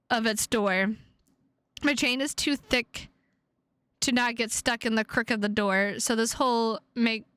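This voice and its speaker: A young woman streamer reading a visual novel aloud and chatting, animated and swearing freely with plenty of "like" fillers. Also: fairly high pitch, clean tone, no echo.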